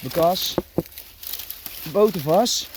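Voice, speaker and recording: A man's voice: sits high, expressive, slow pace. A man vlogging outdoors, swearing constantly and grunting as he forces his way through bushes. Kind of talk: rambling outdoor vlog. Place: outdoors in dense bushes and trees. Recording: noisy outdoor recording with rustling foliage. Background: rustling branches and a dog barking.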